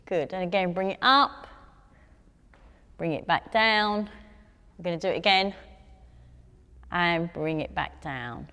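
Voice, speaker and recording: An English woman instructing a gentle chair exercise class, encouraging and talking viewers through each move. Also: fairly low pitch, slow, pauses often, clear, resonant tone, long reverb tail. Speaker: fitness instructor.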